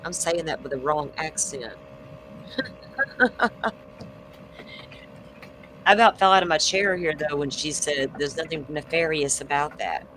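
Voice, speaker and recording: Woman host, blunt, swears a lot, bright forceful voice, faint hiss. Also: deep voice, unhurried, long pauses, poor audio. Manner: blunt, swears freely, thinks out loud. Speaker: true crime livestream host. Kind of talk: casual livestream chat.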